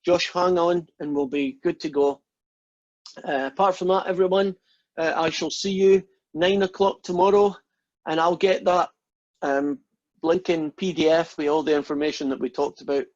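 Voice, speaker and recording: A man's voice: a little high, steady tone, normal speed, darkish tone. A male lecturer talking informally to his class over a video call, rambling and joking between explanations. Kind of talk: online lecture with jokes and Q&A. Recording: husky voice, dull lo-fi audio.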